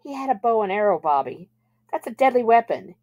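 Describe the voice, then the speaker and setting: A woman's voice: fairly high pitch, sing-song, fairly quick, a little mellow, pitched above the performer's own voice. Brief: woman reader as a level-headed teen boy, earnest and plain-spoken. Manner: earnest, matter-of-fact.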